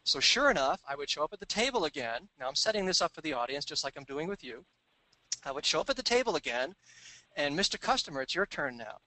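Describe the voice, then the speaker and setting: A middle-aged man giving a business talk, telling stories and acting out the dialogue in quick voices. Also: on the high side, sing-song, bright, forceful tone, no room sound, low-quality recording. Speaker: business speaker. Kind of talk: recorded seminar talk.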